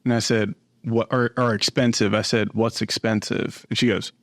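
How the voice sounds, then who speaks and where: A man's voice: fairly low pitch, little pitch movement, normal speed, a bit bright, no room sound, studio quality. A young man, a mortgage lender, talks as a guest in a casual podcast interview, telling a story about a call and quoting both himself and the other person.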